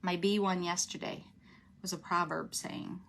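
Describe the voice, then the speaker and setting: A woman's voice: lowish voice, flat delivery, a little slow, gravelly, fairly bright tone, a little hiss or hum. A woman with a runny nose, hosting a casual craft livestream, chatting with viewers as she works and laughing often.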